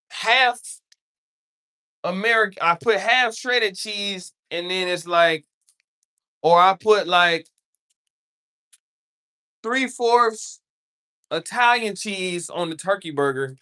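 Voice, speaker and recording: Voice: mid-range voice, slow pace, pauses often, bright, forceful tone. A livestreamer talking in a casual, meandering way, constantly checking in with viewers and repeating the same filler phrase. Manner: meandering, repeats "you know what I'm saying" often. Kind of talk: casual rambling livestream chat.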